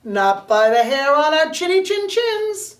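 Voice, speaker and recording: Woman doing little pigs, high squeaky storybook voices, defiant, roomy echo, distant mic. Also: big pitch swings, measured pace.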